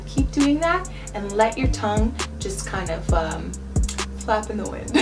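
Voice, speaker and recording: A woman's voice: on the high side, sing-song. Woman, vlog language teacher, patient and repetitive, mic set back, music bed audible. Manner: patient, repeats words slowly for practice. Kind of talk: travel vlog language lesson. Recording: distant mic with background music.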